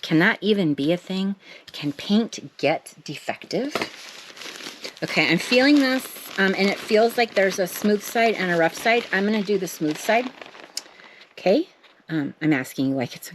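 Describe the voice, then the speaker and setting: In this craft vlog, a middle-aged woman makes art while chatting away, poking fun at herself and talking to herself as she works. Her mid-range voice is expressive and moderately paced, with a little hiss or hum behind it.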